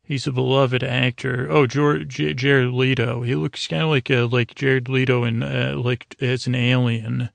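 Gravelly, flat-voiced man rambling casually. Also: medium pitch, measured pace, few pauses, no echo. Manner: rambling, full of fillers and restarts. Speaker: podcast host. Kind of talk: casual episode recap.

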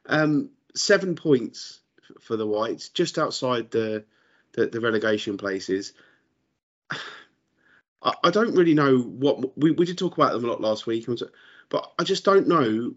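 A man's voice: mid-range voice, a bit bright, lo-fi sound. A man co-hosting a casual football podcast. He stumbles and repeats words and has a dry sense of humour. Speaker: podcast co-host. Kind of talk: casual sports chat.

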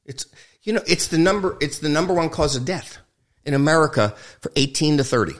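A film director speaks as a guest in a candid interview, frank and emphatic, swearing freely and joking. His voice is on the high side, animated, and a little fast.

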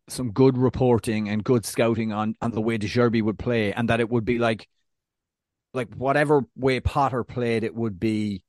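A man's voice: fairly low pitch, no echo, clean studio sound. A man from Ireland co-hosting a football podcast in casual, enthusiastic, joking chat. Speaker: podcast co-host.

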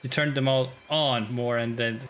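Man voicing a flustered young companion, rushes to explain himself. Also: mid-range voice, fairly even intonation, heavy background noise, natural voice. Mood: defensive.

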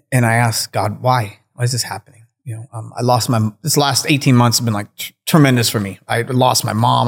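Earnest, reflective man sharing life lessons. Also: mid-range voice. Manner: reflective, earnest, swears casually. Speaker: guest, cannabis breeder. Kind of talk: candid conversational storytelling.

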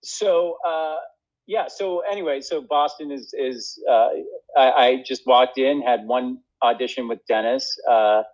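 Brief: man, mid-pitched, casual and self-deprecating, many fillers, dull lo-fi sound. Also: unhurried, a little mellow. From United States. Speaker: actor and guest. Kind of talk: casual conversation.

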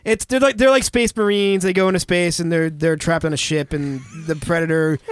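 Guy rambling and cursing through movie guesses, kinda high voice, dead dry sound. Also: steady tone, fairly quick, clean tone, no echo. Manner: rambling, profane, unsure guesses. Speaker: podcast co-host. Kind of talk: casual chat.

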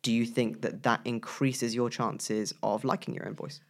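Lively, playful male co-host. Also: mid-range voice, moderate pace, creaky. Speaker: co-host, voice professional. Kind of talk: casual chat.

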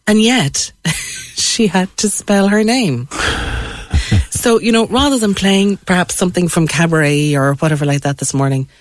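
A woman's voice: on the low side, expressive, moderate pace, no echo. A woman hosting an arts radio show, chatting enthusiastically and laughing easily. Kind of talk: casual radio chat.

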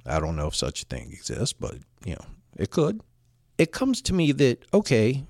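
A man telling a personal story in a halting, conversational way, often repeating words and restarting. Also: medium pitch, wildly swooping pitch, a little mellow, no room sound, studio quality. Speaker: storyteller recounting a personal experience. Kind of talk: first-person spoken storytelling.

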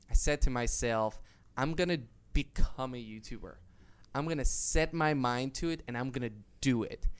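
Young man, 20s, interview guest. Clear, resonant voice, mid pitch; eager, rambling storyteller. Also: a bit bright. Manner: eager, storytelling, with many fillers and restarts. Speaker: guest YouTuber. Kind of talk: casual interview chat.

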